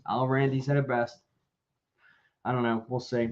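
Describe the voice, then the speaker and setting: A man's voice: medium pitch, level tone, a little fast, dull audio. A man co-hosting a live podcast in casual chat, blunt and profane, rambling with lots of fillers over a video call. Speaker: podcast co-host.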